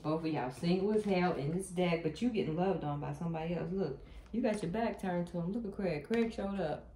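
A woman giving a tarot reading to her viewers, animated and blunt, cursing freely. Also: on the low side, fairly quick. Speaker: tarot reader. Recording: echoey room with faint noise.

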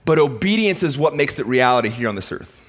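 A middle-aged male pastor preaching a sermon, swinging between loud emphatic lines and quiet intimate ones. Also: medium pitch, sing-song, fast talker.

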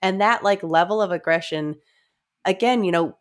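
A woman's voice: mid-range voice, normal speed. A woman co-hosting a casual book discussion, thinking aloud with many fillers and trailing phrases. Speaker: podcast co-host.

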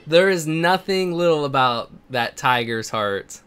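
A man live-streaming a video game, chatting with his viewers and gushing thanks, sometimes bursting into shouts. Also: fairly high pitch, lively intonation, measured pace, clean tone. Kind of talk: live-stream chat while playing. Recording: background music under voice. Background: game music.

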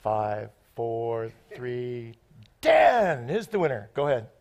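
A man preaching a sermon in an excitable, off-the-cuff way, joking with the congregation between scripture readings. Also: mid-range voice, takes it slowly, gravelly. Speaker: guest preacher.

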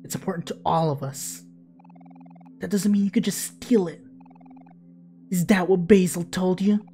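A woman's voice: fairly even intonation, unhurried, soft background music. A woman reading game dialogue aloud, voicing a sullen teenage girl who is cold and bitter. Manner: low, quiet and curt.

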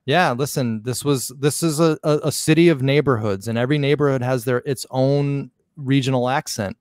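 A man's voice: mid-range voice, moderate pace, darkish tone, no room sound. Easygoing Bronx man, dry sound. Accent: Bronx New York. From the Bronx, New York. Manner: blunt, easygoing, laughs often. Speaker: guest. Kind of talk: casual interview chat.

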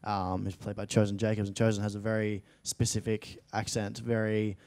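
Speaking at a moderate pace in a low-ish, darkish voice with a level tone, a young Australian actor in his late teens chats loosely in a studio interview. As the guest he wanders, restarts, and fills pauses often, with no room sound audible.

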